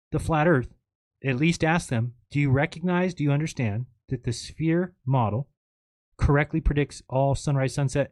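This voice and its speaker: A man's voice: medium pitch, a little mellow, no echo. A man hosting a live stream in a casual, rambling monologue, sarcastic and mocking as he quotes others.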